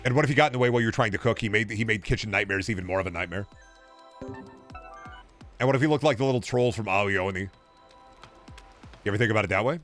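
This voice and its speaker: A man's voice: on the low side, fast talker, pauses often, a bit bright, faint music behind. A man streaming a video game, chatting casually, joking and rambling with bursts of profanity. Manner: joking, rambling, profane, drops into silly voices. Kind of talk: casual gaming stream chat.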